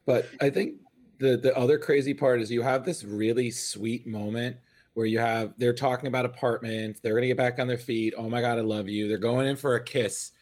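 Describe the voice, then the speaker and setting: Excitable man chatting on a podcast. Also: mid-range voice, a little fast. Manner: excitable, swears casually, slips into exaggerated quoted voices. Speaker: podcast guest. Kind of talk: casual comic book podcast chat.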